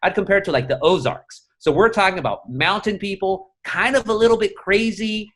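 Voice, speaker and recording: A middle-aged man, a newspaper columnist, talking as an interview guest in an animated, profane storytelling way. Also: high-pitched, brisk. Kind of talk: casual interview conversation.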